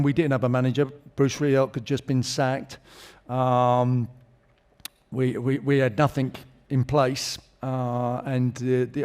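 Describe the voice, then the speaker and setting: A man's voice: mid-range voice, darkish tone. A middle-aged man as a guest in a live on-stage interview, telling jokey anecdotes with chuckles. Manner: chatty anecdotal storyteller, jokes and chuckles. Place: theatre stage.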